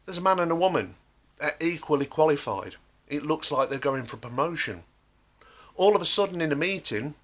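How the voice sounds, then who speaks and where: A man rants straight at the listener in a sarcastic, emphatic monologue. His voice sits a little high and swoops widely as he hammers each point. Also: sharp tone. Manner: emphatic, sarcastic, acts out quotes. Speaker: vlogger. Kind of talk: ranting monologue.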